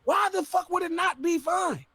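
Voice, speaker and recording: A man's voice: extremely high pitch, moderate pace, bright, forceful tone, dry recording. A man on a podcast, ranting with profanity and exasperation. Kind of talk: heated podcast rant.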